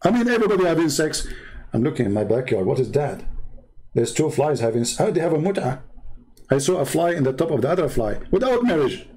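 A man's voice: on the high side, big pitch swings, fast talker, darkish tone, low-quality recording. A man giving sarcastic online commentary in a mocking tone, laughing now and then at his own jokes.

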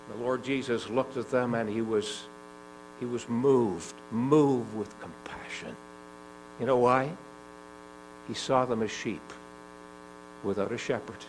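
A man preaching a sermon in a gospel hall, rising to loud urgent climbs and dropping to slow, soft lines, often repeating himself and asking the listeners questions. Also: mid-range voice, a little hiss or hum. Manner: repeats phrases, asks the congregation questions.

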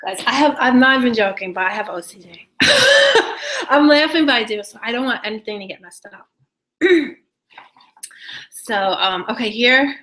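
A young woman hosting a casual live beauty giveaway stream, chatting excitedly with viewers, laughing often and trailing off mid-sentence. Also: fairly high pitch, moderate pace, pauses often, low-quality recording. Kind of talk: casual live-stream chat reading comments.

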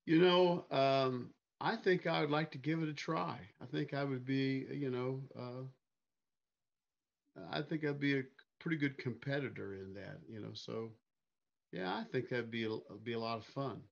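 A man from Missouri talks in a relaxed, halting way, full of fillers. His voice is gravelly at a middle pitch. The recording sounds somewhat dull and lo-fi. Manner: easygoing, halting, many fillers. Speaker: interview guest, singer. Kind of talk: casual interview chat.

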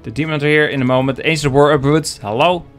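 A man's voice: fairly high pitch, quick pace, faint music behind. Joking, chatty male game caster. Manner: joking, chatty, talks to the chat. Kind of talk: live esports commentary.

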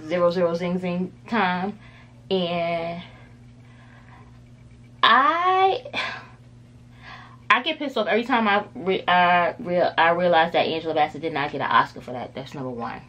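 A woman's voice: lowish voice, measured pace, long pauses, fairly bright tone, highs cut off. A woman beauty vlogger chatting casually through a makeup tutorial, rambling with lots of filler words.

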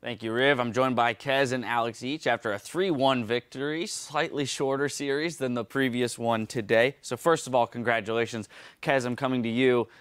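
A man's voice: mid-range voice, steady tone, moderate pace, a bit bright, clean tone, no echo. A man interviewing players after an esports match, asking long, fluent and detailed questions.

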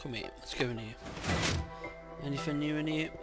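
A man casually commenting on his own gameplay, excitable and quick to swear loudly when frustrated, speaking into a desk mic. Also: fairly high pitch, loud music behind the voice. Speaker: gaming channel host. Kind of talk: casual let's-play commentary.

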